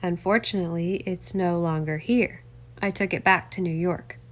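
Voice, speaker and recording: Slick middle-aged male politician, gentlemanly with a menacing edge, pitched lower, as a woman reads him. Storybook audiobook. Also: steady tone, normal speed, lightly acted. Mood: defensive. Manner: courteous, then low and threatening.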